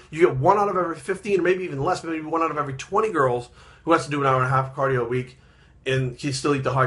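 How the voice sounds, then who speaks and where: A man's voice: a little high, bright, forceful tone. A man, a fitness trainer, ranting bluntly and heatedly in a profane vlog monologue.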